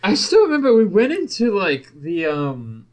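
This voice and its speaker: A man's voice: high voice, wildly swooping pitch, moderate pace. A young man co-hosting a podcast, chatting casually, joking and swearing a lot. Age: young adult. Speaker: podcast co-host. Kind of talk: casual chat.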